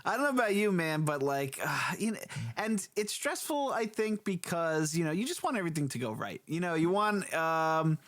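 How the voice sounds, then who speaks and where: A man's voice: fairly high pitch, big pitch swings, normal speed, fairly bright tone, dry recording. A man co-hosting a casual podcast who laughs often and halts and restarts his sentences. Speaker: podcast co-host.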